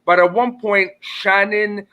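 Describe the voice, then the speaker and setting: A man from Montreal with a bright, slightly high voice co-hosts a casual live-stream panel chat. He is hesitant, stumbles into restarts and repeats himself. He joins over a video call. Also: fairly even intonation, takes it slowly. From Montreal, Canada. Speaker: panel co-host.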